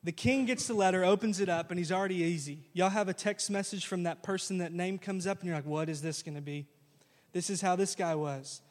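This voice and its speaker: A man preaching a sermon, retelling a story in lively modern slang and acting out the characters as a pastor. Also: high-pitched, quick pace, hardly any pauses. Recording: long reverb of a large hall.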